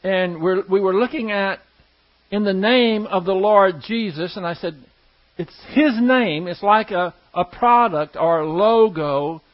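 Man, high voice, folksy Bible class teacher, muffled lo-fi recording. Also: a little slow. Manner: folksy, explanatory, asks the class questions.

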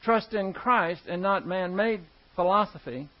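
A man's voice: sits high, a little slow. A male preacher teaching verse by verse in a conversational, emphatic way, repeating key words for stress. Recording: dull lo-fi recording.

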